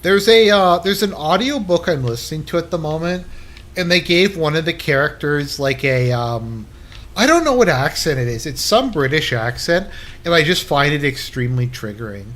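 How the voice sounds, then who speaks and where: A man's voice: on the high side, lively intonation, normal speed, a bit bright. A man livestreaming a game and chatting casually with viewers, rambling with lots of fillers and blunt, crude remarks. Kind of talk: casual chat while gaming.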